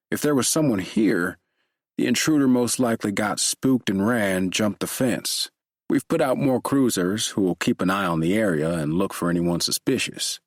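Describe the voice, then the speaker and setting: A man's voice: fairly low pitch, no echo, clean studio sound. A man doing a matter-of-fact policewoman. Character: composed woman police officer, matter-of-fact. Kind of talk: audiobook character voice.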